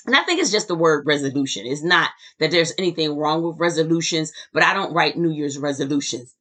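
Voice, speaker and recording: A woman's voice: sits low, lively intonation, brisk, fairly bright tone. A woman hosting a motivational podcast as a success coach, enthusiastic and emphatic, often repeating words for effect.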